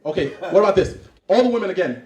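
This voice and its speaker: Animated male stand-up comedian from Cameroon. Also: high voice, fast talker. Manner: animated, acts out scenes and voices. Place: comedy club stage. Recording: roomy club, far from mic, audience laughing.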